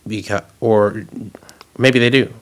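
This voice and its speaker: A man hosting a podcast, explaining his points in a measured, thoughtful way. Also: on the low side, fairly even intonation. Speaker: podcast host. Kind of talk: podcast conversation.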